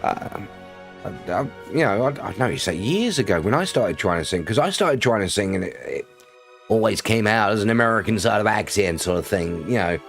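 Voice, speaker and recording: Brief: man from Britain, low voice, rambling and chatty, greets viewers, faint music behind. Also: expressive, fairly quick, vocal fry, fairly bright tone. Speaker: game streamer. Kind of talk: casual live-stream chat.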